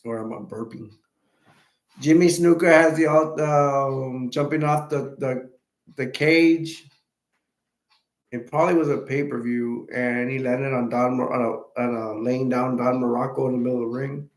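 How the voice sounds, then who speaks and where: Hosting a live stream, this man rambles and halts, restarting and self-correcting again and again between hiccups. His voice sits in the mid range, and the recording is reverberant.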